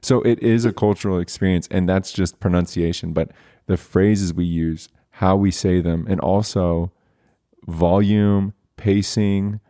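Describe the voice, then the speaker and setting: Man, podcast host, low voice, mellow tone, casual chat, easy laughs. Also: unhurried. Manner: relaxed, chatty, laughs easily. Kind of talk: casual conversation.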